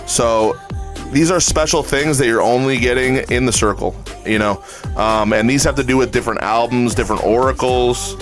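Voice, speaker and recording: A man's voice: medium pitch, moderate pace, soft background music. A man hosting a casual livestream, hyped and salesy, talking straight to his viewers. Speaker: livestream host.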